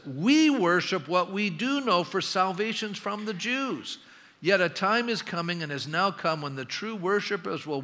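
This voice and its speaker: A man preaching a sermon as pastor, animated and reading scripture dialogue with emphasis. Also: on the high side. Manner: animated, acts out the dialogue he reads with rising emphasis. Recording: long hall reverb.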